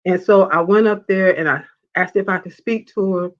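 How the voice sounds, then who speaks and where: Animated woman storyteller, lo-fi sound. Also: on the low side, normal speed. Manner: animated storyteller, laughs often, acts out quotes. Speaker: show host. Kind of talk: live-stream faith talk, reading viewer comments. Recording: dull lo-fi sound.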